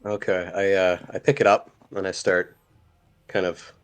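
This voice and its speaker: A man's voice: sits low, level tone, moderate pace, clear, resonant tone. A man chatting playfully as a player in a tabletop game. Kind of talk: casual play at a tabletop game.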